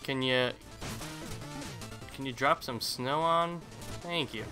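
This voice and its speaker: A man's voice: mid-range voice, takes it slowly, over music. A man giving casual, rambling let's play commentary, chatty and self-deprecating as he plays. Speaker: gaming channel host.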